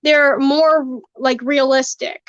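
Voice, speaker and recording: High-voiced woman on dull, dry audio. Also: fairly even intonation, takes it slowly, no echo. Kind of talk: casual chat.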